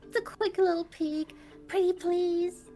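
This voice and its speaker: A woman's voice: very high voice, fairly even intonation, a little slow, mellow, faint music behind. A woman voicing a cutesy, cheerful young girl in a live visual novel reading, pleading sweetly.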